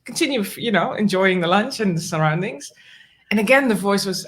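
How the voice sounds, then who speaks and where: A woman who works as an animal communicator appears as a guest in a conversational interview, speaking at normal speed with a medium pitch. She tells a personal story animatedly, acting out its dialogue and laughing warmly.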